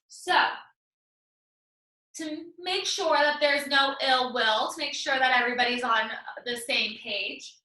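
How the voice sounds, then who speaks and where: A woman's voice: high-pitched, slow pace, pushed and bright, echoey room, far from the mic, low-quality recording. A woman teaching an English class, explaining patiently and reassuringly step by step. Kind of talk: online class lesson.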